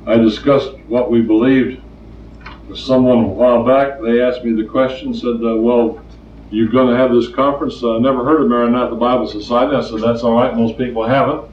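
An older male preacher gives a sermon in a plainspoken, storytelling style, hammering his points home through emphatic repetition. His mid-range voice moves a little fast with fairly even intonation. The dull, lo-fi recording places him far from the mic in a roomy space.

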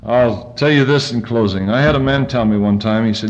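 Man, preacher, sermon, middle pitch, swells and drops in pitch and loudness, muffled old recording. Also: brisk. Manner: preaches with wide swings of pitch and loudness, reading scripture in rising tones. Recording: dull lo-fi recording.

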